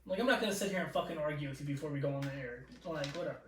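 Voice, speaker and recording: A man telling a profane, animated story as a podcast guest, with frequent laughs, recorded in an echoey room away from the mic. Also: fairly high pitch, racing, few pauses, far from the mic, a little hiss or hum. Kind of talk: casual storytelling.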